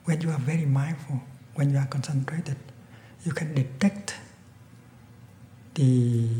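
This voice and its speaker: A man giving a Buddhist dharma talk, telling a story in a calm, gentle way that often falls to a near whisper. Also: medium pitch, slight background noise. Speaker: Buddhist teacher. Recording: echoey hall, long reverb.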